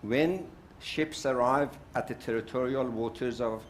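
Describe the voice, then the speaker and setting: In a medium-pitched voice and a slightly slow delivery, an older South African man gives a fervent speech on a summit panel, restating points to drive them home. A little hiss or hum runs through the recording.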